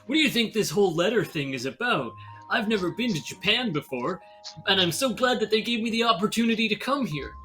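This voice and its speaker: A man's voice: high-pitched, expressive, brisk, pushed and bright, faint music behind. A man playing a tabletop game in character, earnest, naive and dim-witted. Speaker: player. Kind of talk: in-character tabletop role-play.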